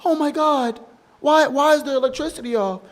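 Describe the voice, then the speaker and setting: A man putting on a high voice to mimic a wife who offhandedly dismisses her chores with excuses. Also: normal speed. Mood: alarmed.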